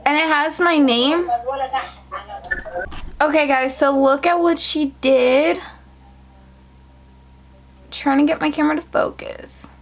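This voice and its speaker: A young woman filming a casual unboxing vlog on her phone at home, gushing and excitable, jumping into high squeals. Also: slow pace, long pauses. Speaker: beauty vlogger starting a business. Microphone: phone camera.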